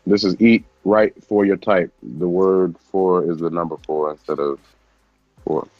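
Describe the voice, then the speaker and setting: A man's voice: low-pitched, steady tone, measured pace, no echo, muffled recording. A man in casual chat with friends, laughing often as he reads out food lists from a book.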